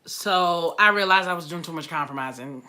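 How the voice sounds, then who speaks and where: A woman's voice: lowish voice, fairly quick, pushed and bright. A woman chatting casually on a live stream, emotional and repetitive. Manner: emotional, chatty, repeats herself. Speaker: livestreamer.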